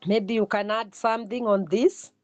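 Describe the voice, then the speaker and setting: A middle-aged woman teaching a counselling class, repeating key words slowly for emphasis. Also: mid-range voice, steady tone. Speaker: counselling lecturer. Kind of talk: classroom lecture.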